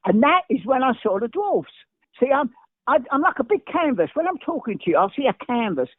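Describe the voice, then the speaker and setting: A man's voice: very high voice, sing-song, no echo. An older man from England telling stories at speed, jumping from one tale to the next and tripping over his own words. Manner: talks very fast, jumps between stories, stumbles and restarts. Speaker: guest. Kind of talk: animated anecdotal storytelling. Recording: dry, tinny phone-like line.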